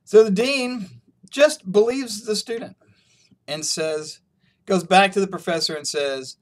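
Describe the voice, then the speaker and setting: A man's voice: high-pitched, expressive, unhurried. A male professor giving a casual recorded online lecture, telling a story in a chatty way and often laughing.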